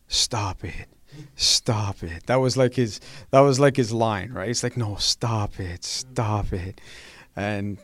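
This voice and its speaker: A man's voice: fairly low pitch, no room sound. Man fondly remembering a colleague. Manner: rambling, fond, with many "you know" fillers. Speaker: sports network colleague. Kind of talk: heartfelt remembrance.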